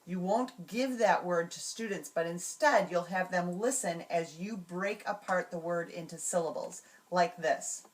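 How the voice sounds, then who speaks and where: A woman calmly explaining classroom routines step by step, slowing down to sound out example words. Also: fairly low pitch, far from the mic. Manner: clear, measured, slows to sound out example words. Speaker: teacher trainer. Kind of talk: instructional walkthrough.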